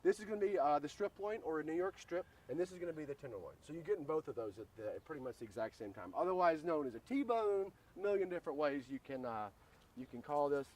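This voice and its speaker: A man's voice: on the high side, expressive, quick pace, darkish tone. A man hosting a casual cooking demo outdoors at a grill, joking around and talking to viewers as "guys.". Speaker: grill cooking show host.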